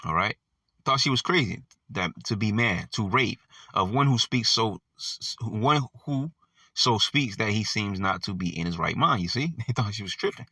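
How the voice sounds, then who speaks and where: A man walks through a scripture passage in an easygoing, conversational way, checking in with his listeners again and again. His voice is fairly low, and it sounds a little distant from the mic in a dry, dead room. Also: expressive, moderate pace, sharp tone, slightly rough, dry recording. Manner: conversational, full of fillers like "all right" and "you know". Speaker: Bible study teacher. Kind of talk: casual Bible study teaching. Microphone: audio only, not seen.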